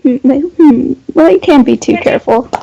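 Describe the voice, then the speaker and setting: A woman's voice: high voice, moderate pace, gravelly, warm tone, breathy edge, highs cut off. A woman playing a tabletop game, speaking in a hesitant, wary way. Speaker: player.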